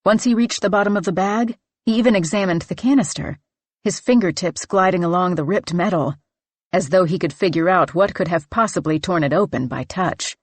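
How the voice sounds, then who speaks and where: A woman narrating a horror novel in a measured, dramatic reading on a close studio mic. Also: lowish voice, dry recording. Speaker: audiobook narrator.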